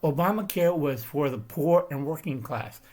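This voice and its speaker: The host of this channel is a man with a higher voice, expressive yet darkish in tone, speaking at a moderate pace. His political monologue wanders and presses its points emphatically, with regular check-ins of "Okay?" and "All right?"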